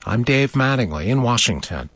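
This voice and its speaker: A male newscaster reads the hourly bulletin in a measured, even way. His voice sits at a middle pitch. The studio sound is dry and close. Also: dry recording. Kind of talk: news bulletin reading.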